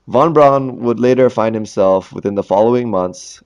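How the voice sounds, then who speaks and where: A man's voice: mid-range voice, steady tone, moderate pace, few pauses, clean tone, highs cut off. A man hosting a history podcast in a casual monologue, jokey and chatty, laughing at his own puns. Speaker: podcast host.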